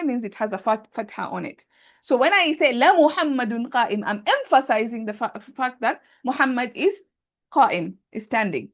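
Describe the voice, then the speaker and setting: A woman with a fairly high voice teaches grammar over a video call. She explains patiently, thinks out loud and keeps checking that her students have understood. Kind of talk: online class explanation.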